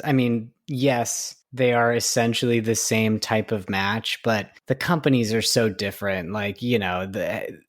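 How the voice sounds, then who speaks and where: Dude co-hosting a podcast, chill rambly talk, dry close sound. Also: male voice, medium pitch, no room sound. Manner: relaxed, filler-heavy talk with frequent likes. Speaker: podcast co-host. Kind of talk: casual chat.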